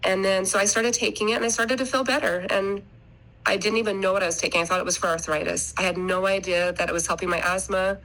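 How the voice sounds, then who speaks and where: A woman's voice: medium pitch, steady tone, quick pace, a bit bright, rough recording. A middle-aged woman guest on a podcast, telling her family story in an earnest, rambling way and often restarting her sentences. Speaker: podcast guest, mother of three. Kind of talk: casual interview storytelling.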